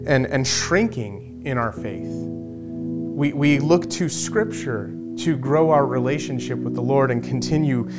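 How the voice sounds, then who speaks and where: Guy preaching a sermon, earnest, mid pitch, keeps repeating words as he builds up. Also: lively intonation, unhurried, over loud music. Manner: earnest, repeats words, rises to emphatic points. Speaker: pastor.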